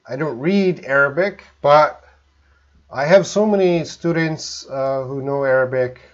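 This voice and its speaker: A Canadian man teaching English in a live stream, relaxed, explaining slowly with simple examples. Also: medium pitch, highs cut off.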